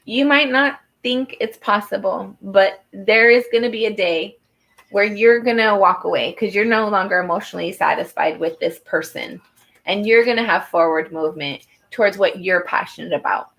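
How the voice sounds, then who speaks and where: A woman's voice: mid-range voice, normal speed, creaky, a bit bright, rough recording. A woman doing a personal tarot reading who talks to the viewer in an earnest, encouraging way, with many fillers and restarts. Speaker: tarot reader.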